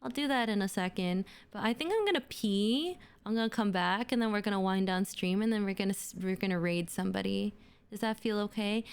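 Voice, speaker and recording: A woman's voice: mid-range voice, a little fast, clean tone. A young adult woman livestreaming, chatting casually and gushing to her viewers, full of fillers. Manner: bubbly, gushing, filler-heavy. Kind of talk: casual stream chat with viewers.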